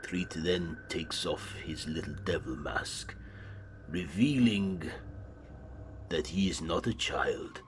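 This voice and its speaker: A man hosting a horror channel, retelling a film's plot in plain, steady storytelling. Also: sits low, slow pace, slight background noise.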